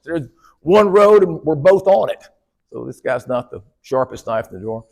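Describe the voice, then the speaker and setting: A man's voice: fairly high pitch, big pitch swings, moderate pace, gravelly, darkish tone, muffled recording. A man giving a humorous keynote speech at a conference, joking with and teasing the audience. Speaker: keynote speaker. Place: conference hall.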